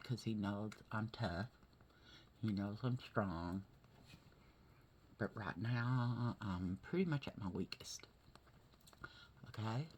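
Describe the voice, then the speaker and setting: A woman talking through a hard day in a vlog, teary and halting, often asking "okay?" and sometimes dropping to a whisper. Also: a bass voice, darkish tone, breathy edge. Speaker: vlogger. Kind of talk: emotional personal vlog.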